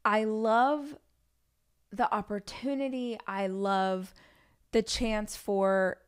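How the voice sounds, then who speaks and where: A woman's voice: medium pitch, fairly even intonation, very slow, clear, resonant tone. A woman in her forties hosting a podcast, telling candid, chatty stories about family life with frequent asides. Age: 40s. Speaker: podcast host. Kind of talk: solo podcast monologue.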